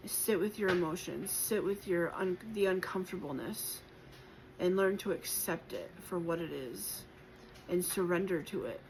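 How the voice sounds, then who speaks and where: A woman tarot reader with a slightly low voice, talking gently and encouragingly through a spiritual collective reading. She pauses often, circles back with fillers and lets emotion show. A faint hiss sits under the voice. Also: rough recording. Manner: emotional at times.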